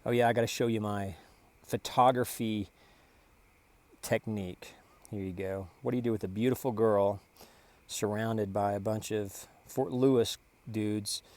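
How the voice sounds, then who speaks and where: A man with a lowish voice talks through his photo prints in a loose, casual vlog. He rambles from picture to picture with big boasts and sudden exclamations, and he keeps praising his own work. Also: darkish tone. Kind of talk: casual self-promoting vlog narration.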